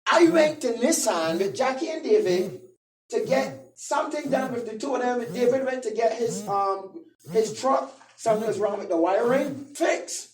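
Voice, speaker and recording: A man, an apostle, telling his faith testimony to a congregation in an animated storytelling manner, laughing often. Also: extremely high pitch, moderate pace. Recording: echoey room from a distant mic.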